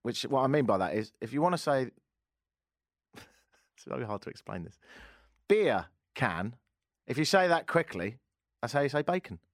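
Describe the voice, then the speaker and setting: Guy hosting a radio talk show, sarcastic, bouncy pitch, dry studio sound. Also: lively intonation, a little fast, long pauses, dry recording. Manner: wry, sarcastic, rambling. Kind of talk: casual radio chat. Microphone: studio microphone.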